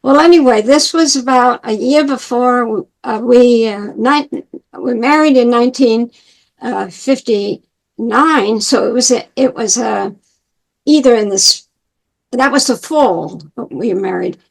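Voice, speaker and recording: A woman's voice: fairly high pitch, measured pace, creaky, low-quality recording. A woman in her eighties from New York, telling her life story and acting out the voices of people she quotes. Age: 80s. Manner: animated, acts out quoted dialogue. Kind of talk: personal storytelling.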